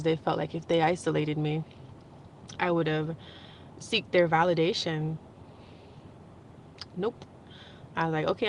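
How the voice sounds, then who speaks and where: A young adult woman records a casual spiritual vlog, wandering from thought to thought, emotional at times and laughing here and there. Her voice runs on the low side, and a little hiss or hum can be heard.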